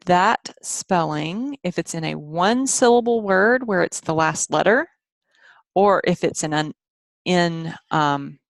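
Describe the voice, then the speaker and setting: A woman's voice: sits low, creaky, no echo. A woman teaching French phonics in a patient screen-share lesson, repeating sounds so learners can follow along.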